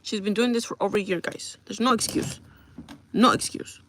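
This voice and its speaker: A woman's voice: mid-range voice, normal speed, a bit bright. A woman live streaming, telling a long exasperated story to her viewers and checking in with them as she vents. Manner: exasperated, venting with repeated asides to the audience. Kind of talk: casual storytelling rant to viewers.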